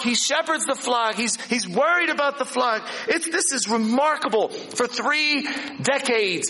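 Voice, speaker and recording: A man preaching in a church, his voice high and bright with a keen edge. He drives his points home with repeated phrases and pointed questions, and a faint hum of the room sits behind him. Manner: animated, emphatic preaching with rhetorical questions and repetition. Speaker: pastor. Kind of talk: sermon.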